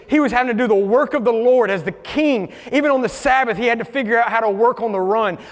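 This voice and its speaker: A man preaching a sermon as pastor, animated, acting out quoted voices as he goes. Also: high-pitched, big-room sound. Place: church sanctuary.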